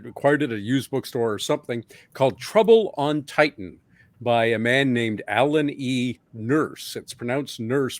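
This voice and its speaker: A middle-aged man from Canada, the guest author on a podcast, telling stories in a lively way. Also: mid-range voice, dry recording. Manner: lively storytelling. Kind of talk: podcast interview.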